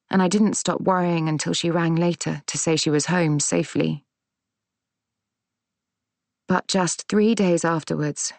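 A woman narrating a first-person audiobook in a measured, gentle, reflective way. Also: deep voice, creaky, no room sound.

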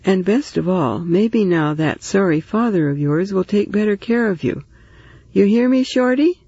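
A man's voice: high-pitched, normal speed, mellow, breathy edge, no echo, lo-fi sound. A man voicing a talkative, motherly woman neighbor who comforts and teases in a storybook reading. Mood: chatty.

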